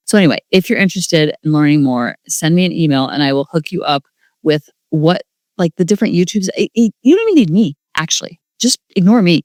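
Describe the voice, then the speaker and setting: A woman's voice: fairly low pitch, lively intonation, brisk, a little mellow, dry recording, studio quality. A woman in her forties hosting a podcast, talking in a casual, rambling, gushing way and filling her speech with "like.". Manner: rambling and gushing, heavy use of "like". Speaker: podcast host. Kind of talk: casual solo podcast monologue.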